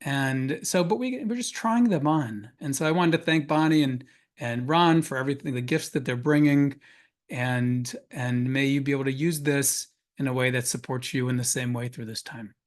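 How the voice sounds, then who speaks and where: A man's voice: medium pitch, moderate pace. A man presenting on a webinar panel, telling a personal story earnestly with frequent restarts. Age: adult parent of a school-age child.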